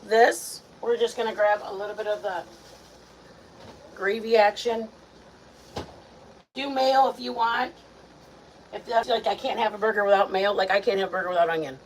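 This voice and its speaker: An excitable, chatty woman talks her viewers through a recipe at a mid-range pitch. She cooks in a home kitchen, and loud frying and sizzling run under her voice. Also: moderate pace, long pauses, a little hiss or hum, rough recording. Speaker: home cooking vlogger. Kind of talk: casual cooking chat.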